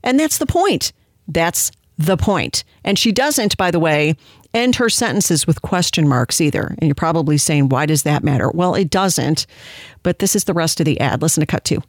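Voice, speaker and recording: A woman's voice: on the low side, animated, normal speed, no echo. A woman host giving opinion commentary in a sarcastic, incredulous, indignant way.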